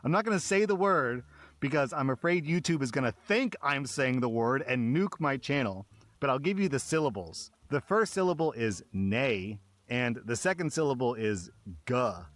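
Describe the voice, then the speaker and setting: An American man giving casual, animated commentary on stories, jumping into mock outraged voices. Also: medium pitch, moderate pace. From United States. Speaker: host reading and reacting to online stories.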